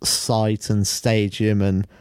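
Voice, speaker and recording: A man's voice: lowish voice, little pitch movement, slow pace, darkish tone, clear, resonant tone. A man co-hosting a podcast in casual chat, with a wry, teasing manner. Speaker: podcast co-host.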